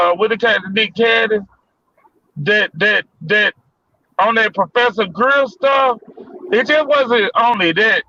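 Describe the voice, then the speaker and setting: A man's voice: high voice, sharp tone, dry recording, lo-fi sound. A man on a debate panel, talking loosely and repeating himself as he makes his point. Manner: loose, repetitive, restarts often. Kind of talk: casual debate chat.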